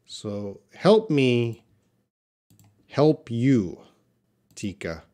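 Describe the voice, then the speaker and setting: Man, English teacher, live class, slow patient explanations, unhurried pace, mid-range voice. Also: medium pitch, very animated, mellow. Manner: reads viewer questions aloud. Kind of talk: live-stream English class answering chat.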